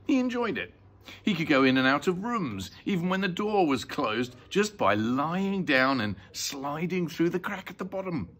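An older man reading a children's book aloud in an expressive, lilting way. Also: mid-range voice, slight background noise. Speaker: storyteller.

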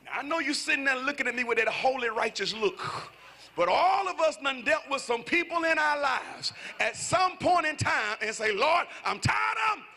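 A man pastor preaching a sermon at a church service, impassioned and often shouting, with asides to the congregation. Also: extremely high pitch, expressive, normal speed. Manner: talks to congregation directly, conversational asides.

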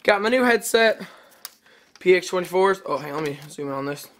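A young man giving a rambling, excitable vlog update, heard through a camera mic a little way off. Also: high-pitched, a little fast, recorded from a distance. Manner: rambling, excitable, self-correcting. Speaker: vlogger.

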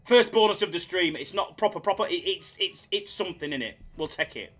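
A man's voice: high-pitched, lively intonation, fairly quick, a bit bright. A man streaming slots live, bantering with chat in a jokey, hyped-up way. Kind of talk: casual live-stream chatter.

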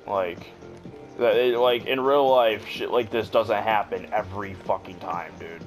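A man's voice: lowish voice, steady tone, a little slow, poor audio. A young man commentating casually over gameplay, crude and joking, swearing a lot. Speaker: gamer. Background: game music.

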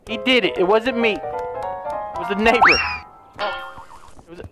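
A man giving excitable let's play commentary, yelling, gasping and talking in first person as the character he plays. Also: high voice, slow pace, pauses often, over loud music. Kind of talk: gaming commentary.

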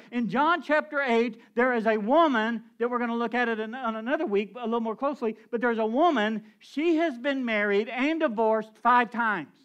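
A man with a notably high voice preaching to his congregation. He talks in a lively, animated way, asking the room questions and chuckling between points. He sounds like a pastor in the middle of a sermon. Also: smooth, dull audio.

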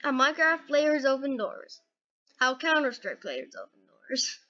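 Her voice is high and her pace measured as she reacts casually in a gaming video. She's bubbly and talkative, saying "okay" and "dude" again and again, all captured in lo-fi sound.

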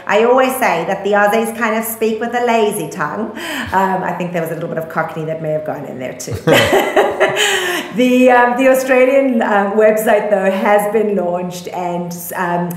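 Woman, South African accent, podcast co-host, chatty with ums, middle pitch, echoey room. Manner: chatty, many ums, laughs easily. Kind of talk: casual news chat.

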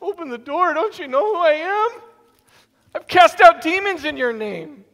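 A man acting out a desperate latecomer pleading at a shut door, his voice jumping high and strained. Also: lively intonation, a little slow, fairly bright tone, long reverb tail, exaggerated voice. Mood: frantic pleading.

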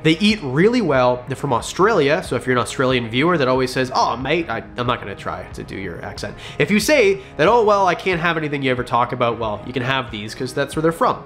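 A man's voice: medium pitch, a bit bright. A man hosting a pet-snake vlog, explaining care tips in a chatty, enthusiastic way with jokey asides. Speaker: reptile channel host. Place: home with pets around.

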